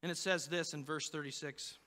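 A man gives a sermon in a bright, fairly high voice, telling the story casually with lots of fillers and restarts. His words ring out with a long reverb, as if from the front of a church hall. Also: fairly even intonation, brisk. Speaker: pastor.

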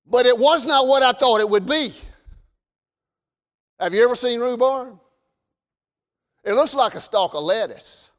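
Southern man preaching, very high voice, fervent, long church echo. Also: lively intonation, unhurried, long pauses. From American South. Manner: fervent, shouts warnings then drops to folksy storytelling. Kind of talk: sermon.

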